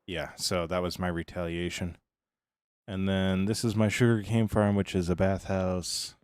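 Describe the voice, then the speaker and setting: A man streaming live, chatting casually and greeting viewers by name, tired and relaxed. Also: sits low, a little slow, clean tone, no echo, clean studio sound.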